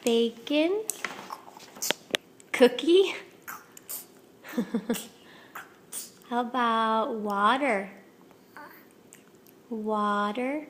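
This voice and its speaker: Gentle, slow-talking coaxing woman. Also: a little high, a little hiss or hum. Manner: gentle coaxing questions, playful. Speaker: parent coaching a toddler's words. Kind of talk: home video talk to a toddler.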